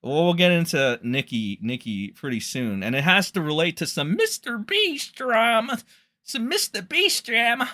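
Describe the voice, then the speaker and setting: A young man hosts a livestream and rambles through crude, mocking commentary. His voice sits a bit high, swings widely in pitch and has a bright, forceful edge. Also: sing-song, normal speed. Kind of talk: profane casual livestream commentary.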